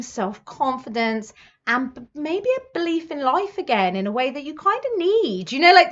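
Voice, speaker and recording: Effusive British woman reading tarot. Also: on the high side. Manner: warm, effusive, reassuring, with many fillers. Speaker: psychic tarot reader. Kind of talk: monthly tarot reading to camera. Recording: slightly dull, lo-fi sound.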